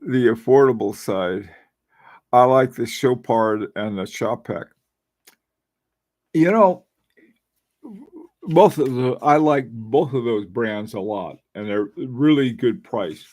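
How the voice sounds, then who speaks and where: A man's voice: mid-range voice, slow, pauses often, a little mellow. A middle-aged man hosting a casual live stream, rambling and musing with frequent fillers and restarts. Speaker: watch channel host.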